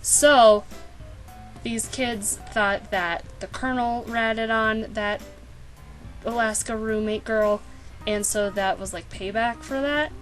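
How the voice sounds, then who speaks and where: A woman's voice: fairly high pitch, slow pace, faint music behind, low-quality recording. A woman vlogger giving a casual, sarcastic book summary with playful asides, now and then acting out the characters.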